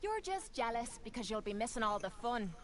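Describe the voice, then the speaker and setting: A woman's voice: a little high, big pitch swings, brisk, fairly bright tone, a little hiss or hum. An actress voicing a tough, brash Irish woman companion in a video game, with an Irish accent and a blunt, cocky way of talking. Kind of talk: game dialogue.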